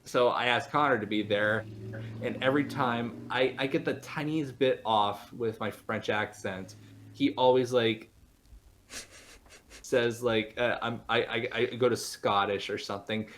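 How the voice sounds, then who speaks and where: Young male podcast guest, mid-pitched, halting and chatty, quick to laugh. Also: steady tone, a bit bright. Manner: rambling with many restarts, laughs easily. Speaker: podcast guest, voice actor and show creator. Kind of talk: casual podcast interview.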